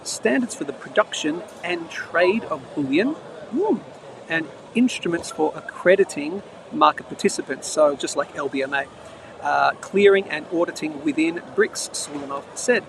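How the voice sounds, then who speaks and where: A chatty, animated Australian man reads news aloud on a live market show, breaking off for quick remarks. He's outdoors near traffic between trains, his slightly high voice set over clear street and traffic noise. The live stream is noisy.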